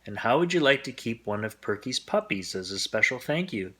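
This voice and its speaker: A man's voice: medium pitch, very animated, a little fast, sharp tone, slightly rough, heavily acted. A man voicing a fussy, doting lady dog owner who gushes over her pet in a storybook read-aloud. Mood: grateful. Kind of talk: storybook character voice.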